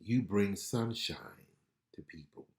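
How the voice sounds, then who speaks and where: A middle-aged man working as a spiritual life coach, gently praying and encouraging viewers on a live online stream. He talks in a conversational way, carefully enunciating his words like a former radio announcer. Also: lowish voice, slow, roomy sound. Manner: gentle, conversational, reads viewer comments aloud.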